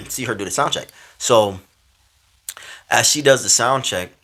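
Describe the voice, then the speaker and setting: A man telling a personal story to camera in a casual, slangy way, dropping into hushed asides and rising into loud bursts. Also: medium pitch, takes it slowly, music in the background.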